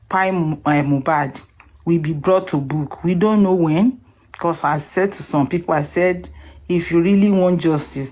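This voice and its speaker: An emotional woman on the line, close to tears, her voice pitched somewhat low. She speaks earnestly and pleads her point. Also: mellow.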